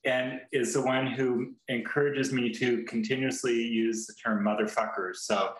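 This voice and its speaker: A man's voice: medium pitch, fairly even intonation, normal speed. Guy rambling on a podcast, restarts a lot, swears, sounds like an echoey room. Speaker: podcast co-host. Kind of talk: casual podcast chat. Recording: roomy echo.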